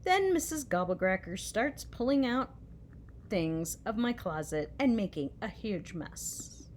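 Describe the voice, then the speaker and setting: A woman reading a children's chapter book aloud with expressive storytelling. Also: medium pitch, unhurried, a little hiss or hum. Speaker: reader.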